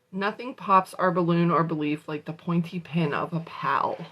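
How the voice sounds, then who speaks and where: A woman's voice: fairly low pitch, normal speed, few pauses, a bit bright, poor audio. A woman hosting a morning motivation show, reading a self-help book aloud with casual, salty asides. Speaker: motivational host.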